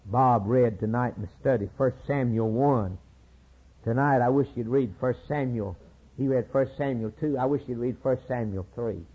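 A man preaches with a husky, breathy voice, hammering points home by repeating phrases. His sermon comes through a thin, phone-like recording with little low end. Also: normal speed. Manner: emphatic, repeats key phrases, retells scripture with acted voices.

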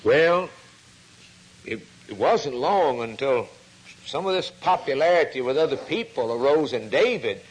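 A man's voice: lively intonation, measured pace, breathy edge, low-quality recording. A man preaching a sermon, telling a story and acting out the quoted voices. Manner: storytelling preacher, acts out quoted voices, rises in pitch when stirred.

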